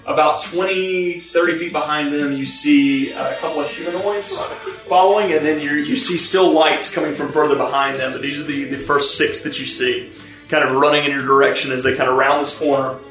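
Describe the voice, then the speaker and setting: Male game master, somewhat high voice, laid-back narration, echoey room with clear music bed. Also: brisk. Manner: relaxed storyteller, many fillers and restarts.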